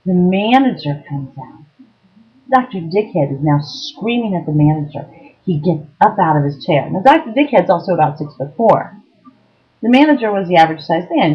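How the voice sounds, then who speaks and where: A woman telling a story to camera in a casual, blunt way, swearing freely and filling pauses with ums. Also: low-pitched, animated, highs cut off. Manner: blunt, profane, lots of ums. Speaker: vlogger giving dating advice.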